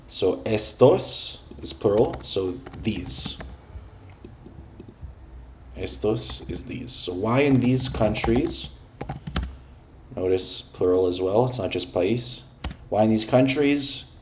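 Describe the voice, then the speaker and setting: A man teaching beginner Spanish in English, patiently explaining words and grammar with the odd filler and throat clearing. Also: lowish voice, lively intonation, slow pace, pauses often, darkish tone, slight background noise. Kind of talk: explaining a listening exercise.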